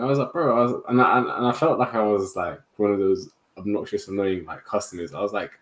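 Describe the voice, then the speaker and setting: A young man, telling a story in a casual podcast chat among friends, full of slang and lively retelling. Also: deep voice, fast talker. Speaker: podcast co-host.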